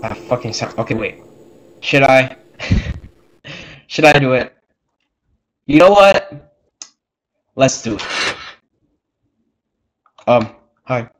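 A man's voice: medium pitch, fairly even intonation, takes it slowly, long pauses, fairly bright tone. A young man swearing and reacting nervously while commentating a horror game. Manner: jumpy, swears constantly, nervous laughter. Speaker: gameplay streamer. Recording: game music behind.

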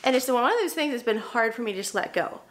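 With a fairly high, animated voice, a young woman talks fast to the camera while cleaning, chatting about housekeeping as a mom and vlogger. She leans on filler words like "like" and makes self-deprecating asides.

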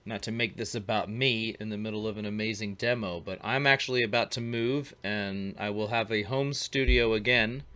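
A man's voice: on the low side, fairly even intonation, normal speed, few pauses, sharp tone. A man hosting a casual glassblowing talk show, chatting loosely with slang while commenting on a demo. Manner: laid-back, slangy, talks over a glassblowing demo. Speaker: host.

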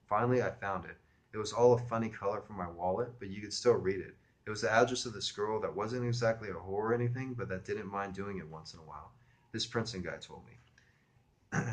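A man narrates a novel in the first person, with a conversational, wry way of telling it. His voice sits slightly low. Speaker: reader and teacher.

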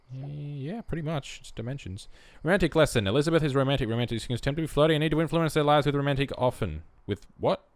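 In a dry recording, a young man with a mid-range voice provides laid-back let's-play commentary for a life-sim game. He keeps up a chatty stream of talk, addressing his characters and making jokes at his own expense.

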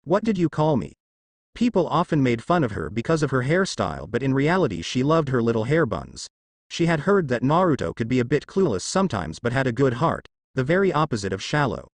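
A man's voice: medium pitch, sing-song, fairly quick, no room sound. A man reading fanfiction aloud, telling the story steadily. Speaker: fanfiction narrator.

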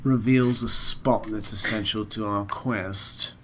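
A man's voice: lowish voice, steady tone, slow pace, heavy background noise. A man from Nebraska co-hosting a let's play, joking around and swearing freely in casual chat.

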